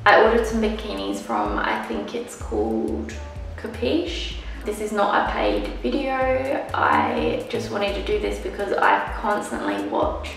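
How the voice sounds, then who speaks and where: A woman's voice: medium pitch, wildly swooping pitch, unhurried, gravelly, soft background music. A young woman vlogging casually at home, candid and chatty, fond but exasperated while looking after a puppy. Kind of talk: casual chat to camera. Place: room in her house. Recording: very echoey room, audible background noise.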